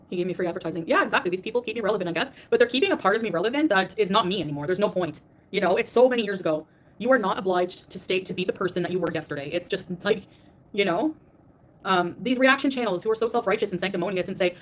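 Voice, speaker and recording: A woman's voice: medium pitch, animated, very fast. A woman streamer ranting defensively on a livestream, emphatic and repetitive as she answers her critics. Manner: defensive and emphatic, repeats herself. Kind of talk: livestream rant.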